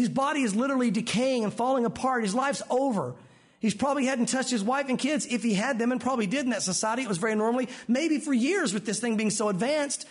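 A man preaching a sermon as pastor, animated, acting out the voices of Bible figures. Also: very high-pitched, slightly rough.

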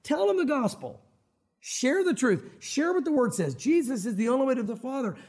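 A man preaching a sermon as a pastor, animated and acting out Bible scenes. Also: extremely high pitch, normal speed. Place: church sanctuary.

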